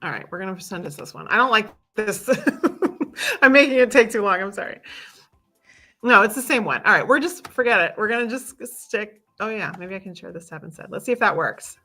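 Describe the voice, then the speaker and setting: Bright-voiced chatty woman host. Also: medium pitch, animated, brisk, faint music behind. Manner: chatty, self-deprecating, laughs often. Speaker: livestream host. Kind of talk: casual chat.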